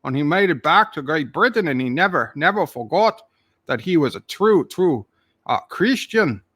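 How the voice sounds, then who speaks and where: Jokey Irish leprechaun, played by a man: put-on brogue, rambling tall-tale teller, slightly high voice, dry close recording. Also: expressive, moderate pace, fairly bright tone, slightly rough, no room sound. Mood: storytelling. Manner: rambling, jokey, full of "aye" and "wee lad". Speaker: channel host. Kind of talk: comic character monologue.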